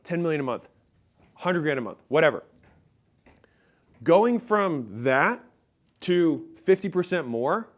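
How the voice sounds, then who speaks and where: A man giving a motivational business talk in a punchy, storytelling way, speaking straight to his audience. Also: a little high.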